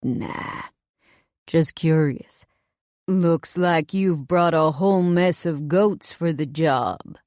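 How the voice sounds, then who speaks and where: Casting: woman playing a blunt, deep Southern drifter, cold and curt, audiobook read, dry close mic. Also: takes it slowly, darkish tone, no room sound. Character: towering cold stranger man, deep-voiced.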